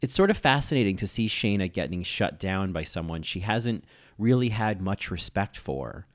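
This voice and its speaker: Deep-voiced man narrating a TV essay. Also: animated, moderate pace. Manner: analytical, admiring. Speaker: TV critic and essayist. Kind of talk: scripted video-essay narration.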